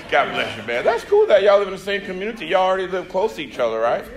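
A stand-up comedian works the crowd in a high, bright voice, chatty and teasing. He speaks into a handheld mic on a club stage. The room echoes, and a crowd murmurs behind him. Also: background noise. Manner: teasing, chatty, talks to the audience. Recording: echoey live venue with crowd.

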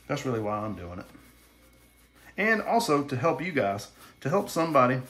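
Moving from his kitchen out to the grill, this cooking channel host, a middle-aged man from the American South, rambles folksily and pokes fun at himself. His mid-range voice is sing-song, brisk and a bit bright, pausing often, with a little hiss or hum.

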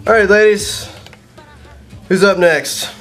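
A young man playing a cocky male genie, three thousand years old, loud and excitable. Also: sits high, takes it slowly, reverberant, faint music behind. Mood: impatient.

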